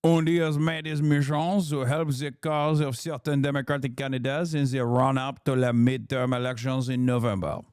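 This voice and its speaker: A man's voice: medium pitch, fairly even intonation, darkish tone, clean tone, dry recording, studio quality. A man on a live stream, reading an article aloud and stopping to react to it. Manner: reads quickly, breaks off to react.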